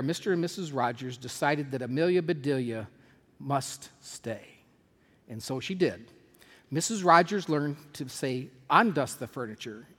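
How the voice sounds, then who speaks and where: A man preaching a sermon, reading a children's story aloud and drawing lessons from it in a measured, reflective, earnest way, in a church sanctuary. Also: mid-range voice. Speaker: pastor. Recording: long hall reverb.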